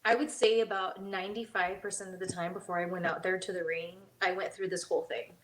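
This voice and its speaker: A woman's voice: fairly low pitch, little pitch movement, a little fast, a bit bright, reverberant, rough recording. Chatty woman podcast co-host. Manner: chatty, laughing storyteller. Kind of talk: casual chat.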